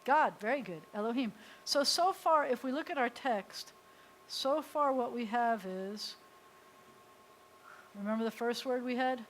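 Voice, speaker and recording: A woman rabbi from the US, her voice on the high side and a little slow, patiently guides a live beginners' Hebrew class step by step in a synagogue classroom, sounding out the letters. The audio is poor, with a bit of hiss or hum.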